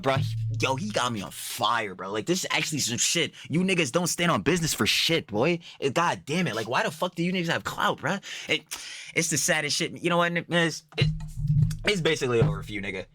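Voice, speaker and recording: A man's voice: fairly high pitch, animated, fairly quick, bright, forceful tone, faint music behind. A young man giving heated, profane, exasperated reaction commentary full of slang.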